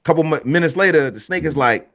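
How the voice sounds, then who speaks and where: A man telling a folktale in a casual chat, his voice swinging up and down. He talks in slang and laughs now and then. His pitch sits a little high. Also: animated, fast talker. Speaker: guest storyteller on a history podcast. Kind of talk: casual storytelling.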